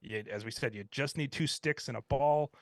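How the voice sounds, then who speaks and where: A man's voice: mid-range voice, moderate pace, no room sound. Podcast co-host, male, reflective and sincere, dry close sound. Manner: reflective, earnest. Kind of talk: casual podcast chat.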